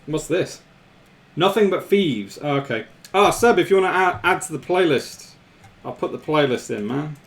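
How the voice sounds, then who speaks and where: A man's voice: on the high side, animated, normal speed, creaky. A man hosting a live stream, chatting casually with viewers, laughing often and repeating himself.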